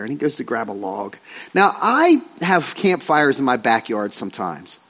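A male pastor preaching a sermon in a joking, animated way, often asking the congregation questions. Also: on the high side, normal speed, creaky. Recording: long hall reverb.

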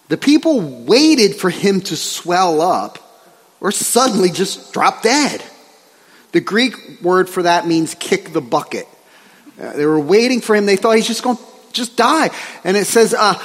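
Animated preacher with a high, lively voice. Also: male voice, slightly rough, long reverb tail. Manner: animated, joking storytelling with frequent "right?" asides. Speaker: pastor. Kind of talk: sermon.

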